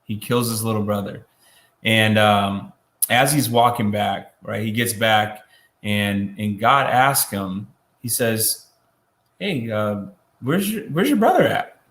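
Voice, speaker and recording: A man teaching a Bible lesson in a casual, conversational way, with many fillers and restarts and quick acted-out quotes. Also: fairly low pitch, steady tone, a bit bright, echoey room.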